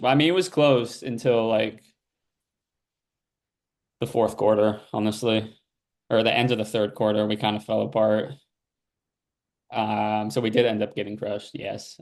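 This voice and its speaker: A man's voice: lowish voice, vocal fry. A young man co-hosting a sibling podcast, chatting casually about his team and rambling through fillers. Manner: laid-back, rambling with fillers and restarts. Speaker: podcast co-host. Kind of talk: casual sports chat.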